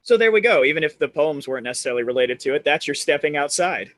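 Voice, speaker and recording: A man's voice: fairly high pitch, lively intonation, fast, a bit bright, dry recording. A man hosting an open mic night, chatting casually and encouraging the poets. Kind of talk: casual chat.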